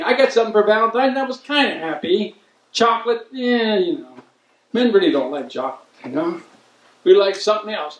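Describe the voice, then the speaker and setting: A man's voice: high voice, a little hiss or hum. A man doing a rambling, self-mocking stand-up set at a community event. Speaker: stand-up comedian. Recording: roomy hall, mic heard from a distance.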